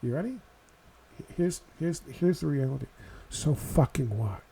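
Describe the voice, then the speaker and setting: Profane, gravelly male ranter. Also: medium pitch, animated, measured pace, dark tone, a little hiss or hum. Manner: profane, sarcastic, ranting. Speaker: political commentator. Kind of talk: ranting video commentary.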